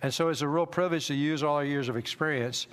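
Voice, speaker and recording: A man's voice: a little high, quick pace, smooth. A man in his sixties, a missionary, telling self-deprecating stories to a church congregation in an easygoing, anecdotal way. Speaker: missionary speaker. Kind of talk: church talk with personal stories. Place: church sanctuary. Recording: long hall reverb.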